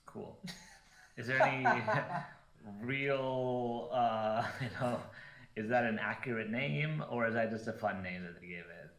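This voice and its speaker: A man's voice: mid-range voice, takes it slowly, fairly bright tone. A man playing a tabletop game, chatting and asking questions with lots of ums and likes. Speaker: player. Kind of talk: casual tabletop play. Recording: echoey room.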